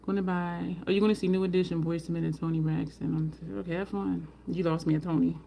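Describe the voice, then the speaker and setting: A woman's voice: on the low side, flat delivery, fast talker, creaky, noisy background. A woman hosting a casual livestream, chatting with viewers and answering their comments while she does her makeup. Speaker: livestream host.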